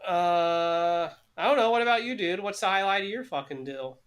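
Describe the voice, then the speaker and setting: A man's voice: high voice, normal speed, a bit bright. Cynical, foul-mouthed man rambling. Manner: cynical, heavily profane rambling. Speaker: podcast co-host. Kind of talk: casual chat.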